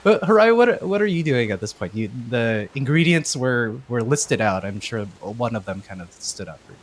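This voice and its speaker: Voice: medium pitch, animated, normal speed. A game master running a tabletop game, prompting the players in an upbeat way.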